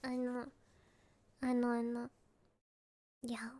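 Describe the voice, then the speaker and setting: High-voiced giggly streamer woman. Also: monotone, slow pace, mellow. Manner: giggly and playful, reading and answering chat. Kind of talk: casual livestream chat.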